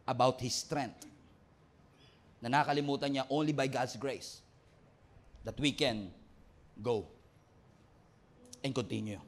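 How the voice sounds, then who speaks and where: A man with a Filipino accent, a pastor preaching a sermon, switching between English and Tagalog and moving from loud, excited storytelling to hushed reflection. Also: mid-range voice, measured pace, pauses often. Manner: mixes English and Tagalog mid-sentence.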